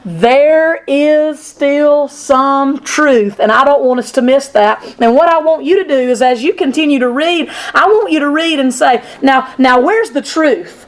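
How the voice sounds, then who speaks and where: A woman teaching a women's Sunday school lesson, talking in an animated, conversational way to her class. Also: high voice, unhurried, few pauses. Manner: animated and conversational, acting out Bible speakers. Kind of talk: women's Bible study lesson. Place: church classroom with a group.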